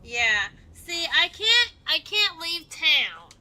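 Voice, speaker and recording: A woman's voice: very high-pitched, sing-song, takes it slowly, pushed and bright, rough recording. A woman streaming a video game, chatting playfully and swearing freely with muttered asides, over game music. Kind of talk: casual gameplay commentary.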